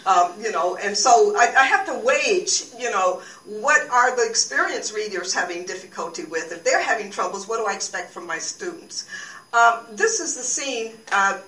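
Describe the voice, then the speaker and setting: A woman who teaches at a university, giving a lecture and reading from a novel, with halting speech full of fillers and restarts. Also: medium pitch, lively intonation, pushed and bright. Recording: echoey room, far from the mic.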